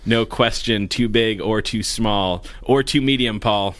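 A man with a fairly low voice co-hosts a casual podcast chat. He runs through announcements in an upbeat, joking way. The sound is dry and close to the mic. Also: a little slow, fairly bright tone, no echo. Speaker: podcast co-host.

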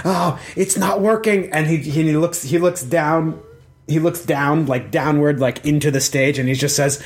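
A man's voice: a little high, flat delivery, moderate pace. A man running a tabletop game as dungeon master, narrating the scene in a loose, rambling way full of fillers and restarts.

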